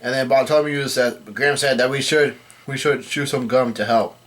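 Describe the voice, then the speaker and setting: A man's voice: medium pitch, fairly even intonation, moderate pace, a bit bright. A man casually reading a comic chapter aloud, voicing the quoted lines in his own plain voice and often correcting himself mid-sentence. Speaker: manga reader. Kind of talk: casual manga chapter read-through.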